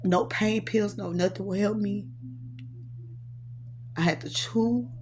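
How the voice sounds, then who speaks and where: A woman's voice: medium pitch, fairly even intonation, takes it slowly, a little hiss or hum. A woman, a prophetess, telling her personal testimony with earnest emotion, recounting it through quoted dialogue.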